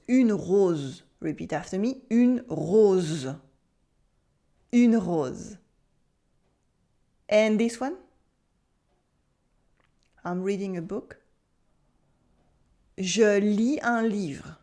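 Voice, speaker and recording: A French woman teaching pronunciation in English with a French accent, enunciating slowly and carefully and prompting the listener to repeat after her. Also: medium pitch, expressive, dark tone. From France. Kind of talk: pronunciation lesson.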